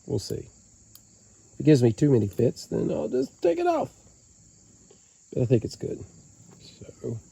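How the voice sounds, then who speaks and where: A man's voice: mid-range voice, huge pitch swings, unhurried, gravelly, long pauses, warm tone, slightly rough. A man with a Southern Appalachian accent, talking viewers through a boat repair in a folksy, joking way while he works outdoors. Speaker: DIY boat-repair vlogger. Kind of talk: casual how-to narration while working. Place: outdoors beside a boat on the ground.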